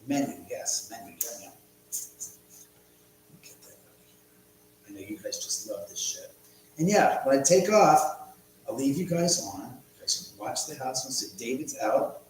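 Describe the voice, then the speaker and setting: A man's voice: fairly high pitch, a little mellow, very echoey, a little hiss or hum, low-quality recording. A man hosting a casual live stream from his home, rambling, muttering to himself and swearing often. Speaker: livestream host.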